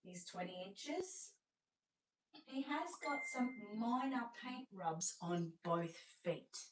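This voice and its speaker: An Australian woman hosting a live-stream sales showcase, chatty and gushing, often dropping to a hushed voice. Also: a little high, lively intonation, slow, recorded from a distance, noisy background. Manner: chatty, gushing, drops to a hushed voice over sweet babies. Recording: roomy sound, away from the mic.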